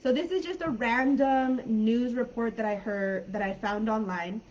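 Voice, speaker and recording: A woman's voice: on the high side, moderate pace, a little mellow, highs cut off. An American woman from California teaching a live online English class in a chatty, informal way, with many fillers and hedges. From California, United States.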